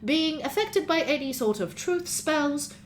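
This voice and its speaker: A woman's voice: high voice, expressive, measured pace, slight background noise, voice pushed up. A woman voicing a droning male professor who heads a magic academy, lecturing at length.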